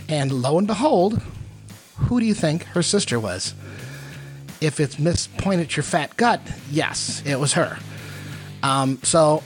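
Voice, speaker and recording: A man telling a rambling, self-mocking story in a casual monologue, with many fillers. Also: a little high. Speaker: podcast host. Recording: faint guitar music behind.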